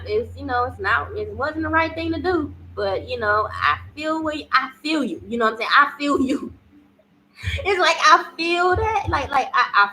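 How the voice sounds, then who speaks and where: Young woman rambling thru a story, lots of "like" and "you know", kinda high voice, faint hiss behind. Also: pushed and bright, rough recording. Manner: rambling, with frequent fillers and repeats. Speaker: vlogger. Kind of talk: casual storytelling monologue.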